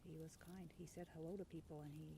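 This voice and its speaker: Female guest, gravelly, soft and thoughtful, noisy line. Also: low voice, fairly even intonation, fast. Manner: soft-spoken, thoughtful, trails into whispers. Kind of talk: casual conversation. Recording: noisy recording.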